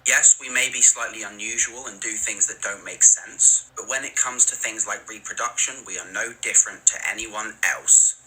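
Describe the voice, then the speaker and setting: Bright-voiced British man, dry comedy. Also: on the low side, normal speed, few pauses, poor audio. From Britain. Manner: dry, self-deprecating, hesitant in sketches. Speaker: comedy video creator. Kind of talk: scripted comedic monologue.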